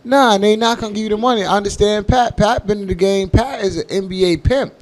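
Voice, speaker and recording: A man's voice: high voice, quick pace. A man co-hosting a comedy radio show, telling teasing, profane stories in casual banter. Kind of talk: joking banter.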